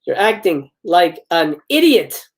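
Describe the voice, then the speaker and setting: A man's voice: high voice, very animated, slow pace, full character voice. A man putting on an irritated young woman. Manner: irritated, tense. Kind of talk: live script read-aloud.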